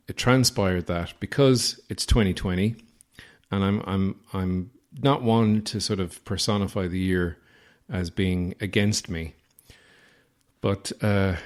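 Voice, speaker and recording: Rambling Irish man telling a comic story. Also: low-pitched. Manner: rambling, self-deprecating, crude. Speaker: podcast host.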